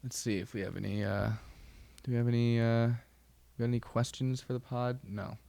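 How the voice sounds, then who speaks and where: A man's voice: mid-range voice, steady tone, moderate pace, creaky, mellow. A young man hosting a podcast, telling wry stories in a rambling, casual way with lots of fillers. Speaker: podcast host. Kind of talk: casual solo chat.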